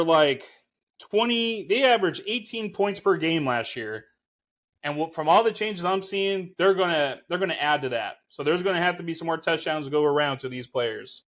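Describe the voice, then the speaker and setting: A man's voice: a little high, a bit bright. A man co-hosting a fantasy football show, chatting loosely and casually with fillers. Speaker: fantasy football podcast co-host. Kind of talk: casual chat.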